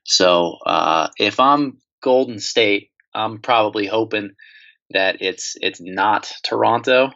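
A man co-hosting a casual sports podcast, talking through basketball in a measured, analytical way. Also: on the low side, creaky, pushed and bright. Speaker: podcast co-host. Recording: slightly dull lo-fi audio.

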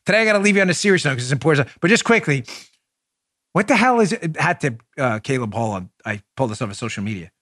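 Animated, high-voiced male podcast host. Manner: incredulous, rapid-fire rhetorical questions; sarcastic, mocking asides. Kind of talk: political commentary monologue.

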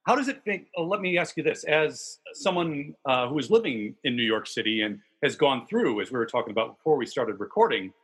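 A man hosts a casual baseball podcast, and his voice has a husky, breathy texture. He talks in a chatty, enthusiastic way and keeps things loose with the occasional swear word. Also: mid-range voice, animated, fairly quick, hardly any pauses, fairly bright tone. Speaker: podcast host.

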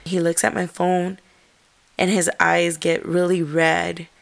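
A young woman telling a personal story in an earnest, halting way, with fillers and restarts. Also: on the low side, level tone, gravelly.

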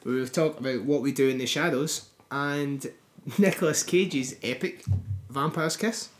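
A man's voice: fairly high pitch, a little slow, roomy sound, slight background noise. A man co-hosting a casual podcast, teasing his friend and laughing often. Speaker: podcast co-host. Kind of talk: casual banter.

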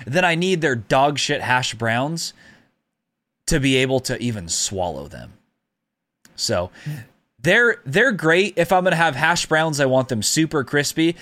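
A man's voice: medium pitch, fairly bright tone, no echo. A man co-hosting a podcast in casual chat, crude and joking. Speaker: podcast co-host.

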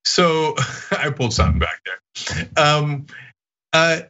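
A man who grew up in Istanbul, hosting a podcast in casual chat and telling stories with excitement. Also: a little high, takes it slowly, lo-fi sound. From Istanbul, Turkey. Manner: animated storyteller, voice jumps up when excited. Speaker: podcast host.

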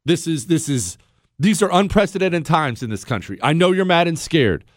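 A man's voice: fairly high pitch, lively intonation, moderate pace, dry recording. A man hosting a talk radio show, ranting with passion and sarcasm into a studio mic.

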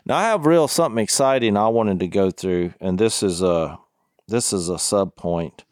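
A man's voice: low-pitched, normal speed, darkish tone, no echo. Earnest man reading scripture, dry mic. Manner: earnest, reads scripture aloud in between remarks. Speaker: co-host of a Bible discussion podcast. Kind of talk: casual Bible study chat, reading verses.

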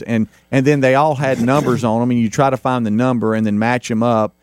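Rambling radio host, dry sound. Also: male voice, mid-range voice, fairly even intonation, a little fast, few pauses, clean tone, no echo. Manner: rambling, many fillers and restarts. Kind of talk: casual talk radio with a read ad.

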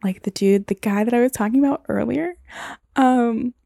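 Gravelly, dark-voiced young woman rambling. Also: a little high, normal speed, no echo, clean studio sound. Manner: casual, rambling, frequent "like" and "um". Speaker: podcast host. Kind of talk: solo podcast storytelling.

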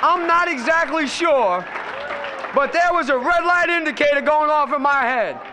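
A man giving personal testimony at a recovery meeting. He tells his story with lively acted-out dialogue and drops to a hush at times. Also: very high voice, moderate pace, a crowd in the background, noisy background. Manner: storytelling, acts out quoted voices, swings between loud and hushed.

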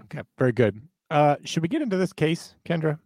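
A slightly high, sing-song male voice with a darkish tone runs a little fast in a dry recording. The podcast co-host jokes through the ads, pushing an exaggerated sales pitch for laughs.

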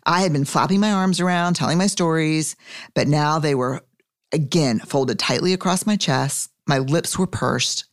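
A woman's voice: sits low, moderate pace. A woman hosting a podcast, reading her own memoir aloud with wry asides, swearing and laughing often. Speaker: podcast host.

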